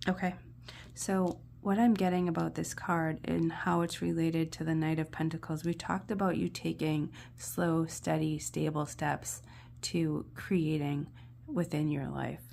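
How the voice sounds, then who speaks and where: A woman giving a gentle, encouraging tarot reading, often dropping into soft whispers as she studies the cards. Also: low-pitched, steady tone, creaky, a little hiss or hum. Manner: encouraging, pauses to study card imagery. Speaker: tarot reader. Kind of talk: pick-a-card tarot reading.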